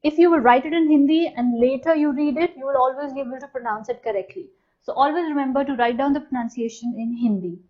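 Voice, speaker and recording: A woman teaching a language lesson, saying each new word slowly and clearly and then repeating it. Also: high voice. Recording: dull, slightly lo-fi sound.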